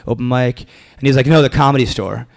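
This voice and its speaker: Fast-talking young man telling a story. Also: medium pitch, creaky. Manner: rambling, animated, lots of fillers and restarts. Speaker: comedian guest. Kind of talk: casual storytelling interview.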